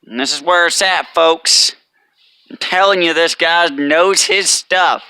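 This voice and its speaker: Emphatic, bright-voiced man giving pep talks. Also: on the high side, a little slow, clean tone, dry recording. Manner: emphatic and preachy, repeating "let me tell you". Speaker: chef and motivational vlogger. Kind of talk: casual motivational monologue.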